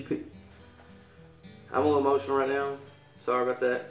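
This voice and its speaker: A man's voice: mid-range voice, level tone, fast, pauses often. A man in his thirties with a Kentucky Southern accent, reading a poem and then talking earnestly in a vlog, rambling and restarting his sentences. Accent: Kentucky Southern American. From Kentucky, USA. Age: 30s. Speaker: YouTuber. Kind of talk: poetry reading and heartfelt vlog talk. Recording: roomy echo with faint guitar music.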